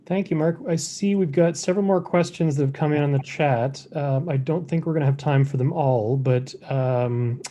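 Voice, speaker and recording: Hesitant, mellow-voiced moderator. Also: mid-range voice, moderate pace, few pauses. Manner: hesitant, with fillers. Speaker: choir workshop moderator. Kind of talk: hosting an online Q&A. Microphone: video call.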